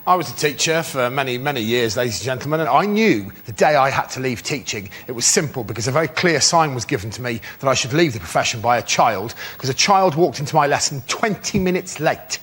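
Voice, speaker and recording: A man who was once a teacher, telling a comic story on a TV panel show and acting out shouted mock outrage. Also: medium pitch, animated, brisk, hardly any pauses, breathy edge. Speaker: comedy panelist, former teacher. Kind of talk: stand-up anecdote on a TV panel show. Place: TV studio with live audience. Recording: loud studio audience laughter, noisy.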